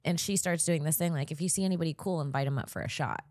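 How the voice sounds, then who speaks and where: A woman's voice: low voice, fast talker, a little mellow, no room sound, clean studio sound. A woman in her thirties, a comedian co-hosting a podcast, telling a story in casual chat. She acts out the people she quotes and laughs often.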